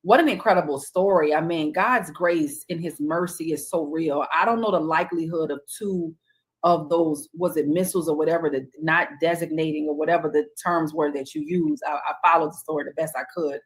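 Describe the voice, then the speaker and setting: A woman's voice: sits low, brisk. A woman hosting a panel, responding with affirmations and faith-filled encouragement. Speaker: host. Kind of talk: casual panel talk.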